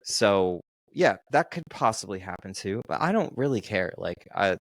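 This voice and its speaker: A man co-hosting a casual podcast, telling stories slowly and deliberately with frequent restarts. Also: fairly low pitch, very animated, dry recording, studio quality. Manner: slow, deliberate storytelling with restarts. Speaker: podcast co-host, dating coach.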